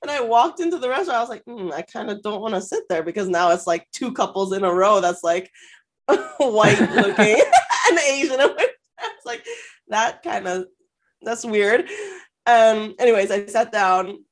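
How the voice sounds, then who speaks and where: A woman's voice: medium pitch, unhurried. A woman co-hosting a casual podcast, telling a story animatedly with lots of fillers and laughter and acting out what people said. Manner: animated, frequent fillers and laughs, acts out quotes. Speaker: podcast co-host.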